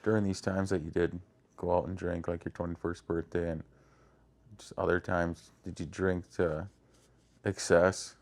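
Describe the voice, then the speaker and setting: Deep, flat-voiced male interviewer. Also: normal speed. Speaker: guest host interviewer. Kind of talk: casual interview.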